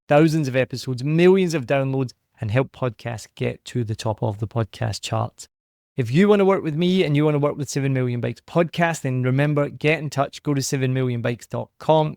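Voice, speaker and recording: A man hosting a podcast with a soft, worn-down Scottish accent and an upbeat, promotional way of talking. His voice sits at an ordinary middle pitch. The sound is close and dry, with no room around it. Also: dry recording. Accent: softened Scottish. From Scotland. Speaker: podcast host. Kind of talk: podcast interview.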